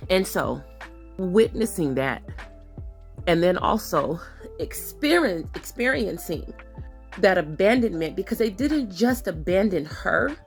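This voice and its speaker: A woman's voice: lowish voice, big pitch swings, slow pace, soft background music. A woman hosting a podcast, speaking about her own experiences in an emphatic, confrontational way that repeats its points and is sometimes close to tears. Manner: emphatic, repetitive and confrontational, at times tearful. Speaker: podcast host. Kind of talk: personal testimony monologue.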